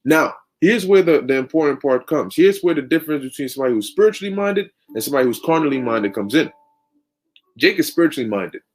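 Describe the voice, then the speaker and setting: Dude preaching a story, laid back and slangy, lots of "you know"s. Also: male voice, on the high side, animated, fast talker. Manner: conversational, lots of fillers and restarts, slang.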